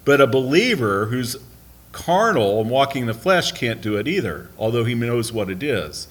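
A man's voice: mid-range voice, sing-song, moderate pace, breathy edge. An American man leading a Bible study class in a conversational way, asking the group questions and making light asides. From United States.

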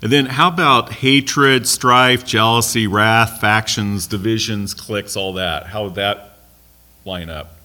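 A man's voice: on the low side, fairly even intonation, slow pace, pushed and bright. An American man leading a Bible study class in a conversational way, asking the group questions and making light asides. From United States.

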